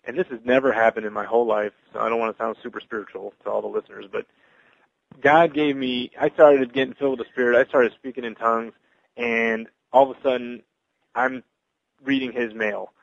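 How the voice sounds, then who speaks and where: A man giving an earnest, halting personal testimony as a Christian evangelist, full of restarts. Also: mid-range voice, steady tone, gravelly, no room sound, lo-fi sound.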